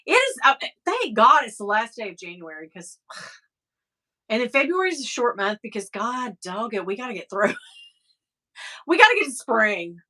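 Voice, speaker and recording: Middle-aged Southern woman hosting a livestream, bright tone, rambling, casual cursing. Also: a little high, big pitch swings, moderate pace. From American South. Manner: chatty, rambling, laughs often, swears casually. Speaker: livestream host reading chat. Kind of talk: casual chat.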